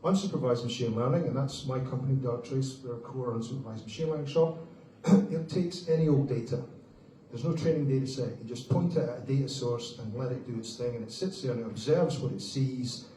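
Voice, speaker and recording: A man giving a brisk, joking conference talk and addressing the audience casually as folks. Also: mid-range voice, dark tone, slight background noise. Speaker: conference speaker. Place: large conference hall. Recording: echoey hall, distant mic, faint ambience.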